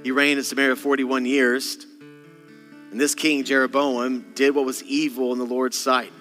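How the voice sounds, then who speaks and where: Bright-voiced pastor preaching in a hall. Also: male voice, mid-range voice, flat delivery, normal speed. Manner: dramatic, acts out voices in bursts. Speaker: senior pastor. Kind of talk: sermon. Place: church auditorium. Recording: long hall reverb, faint guitar behind. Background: soft guitar.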